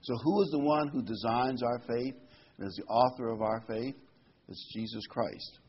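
A man preaching a sermon in a plain, conversational way, reading scripture and pausing often with fillers. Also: lowish voice, husky, dull audio.

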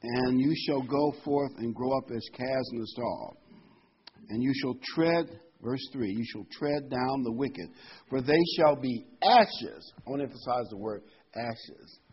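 A man with a slightly husky voice delivers a sermon, moving between easygoing explanation and louder, emphatic scripture reading. His pitch sits in an ordinary middle range. The recording sounds dull and lo-fi. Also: unhurried. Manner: conversational, rising to emphatic when quoting verses. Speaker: preacher.

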